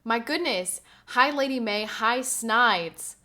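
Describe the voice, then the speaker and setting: A young woman streaming live, chatting casually with her viewers, venting gossip and reacting to the chat in an animated way. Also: on the high side, normal speed.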